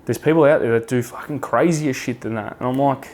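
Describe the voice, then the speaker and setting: A man's voice: mid-range voice, a little fast, a little mellow. A man with an Australian accent, a podcast guest talking frankly in casual chat, swearing freely and restarting his sentences often.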